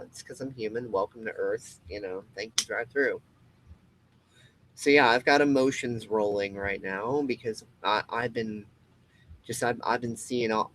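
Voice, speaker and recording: A man's voice: on the low side, a bit bright, slight background noise, rough recording. Emphatic rambling man ranting. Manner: rambling, emphatic, swears, restarts a lot, mocking quoted voices. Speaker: show host. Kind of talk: impassioned monologue.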